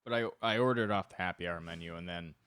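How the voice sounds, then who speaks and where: Young guy doing a solo podcast rant, deep voice, dry close mic, swears a lot. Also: fast talker, a bit bright, smooth, no echo. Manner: rambling, self-deprecating, swears a lot. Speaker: podcast host. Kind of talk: solo comedic monologue.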